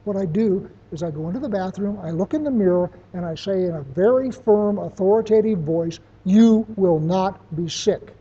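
Husky, mellow lecturer on a muffled recording. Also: medium pitch, brisk, hardly any pauses. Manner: plainspoken, uses everyday examples. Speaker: teacher. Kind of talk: classroom lecture.

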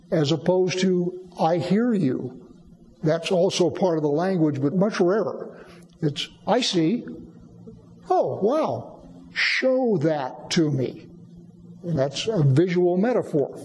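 A man's voice: high voice, dark tone, in a large hall, slight background noise, low-quality recording. A man giving a sermon, explaining and teaching with emphatic repetition. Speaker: preacher.

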